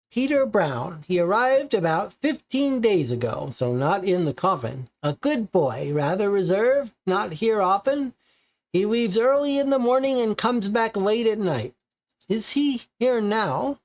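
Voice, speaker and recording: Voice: big pitch swings, a little slow. A game reader voicing an elderly, chatty landlady in a read-aloud board game. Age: older. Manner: chatty, raised pitch.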